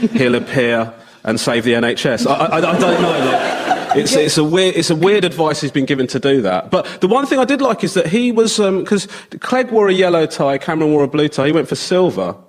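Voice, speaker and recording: A British man on a comedy panel, rambling and stammering through his jokes. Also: mid-range voice. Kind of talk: comic panel banter. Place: radio studio before a live audience.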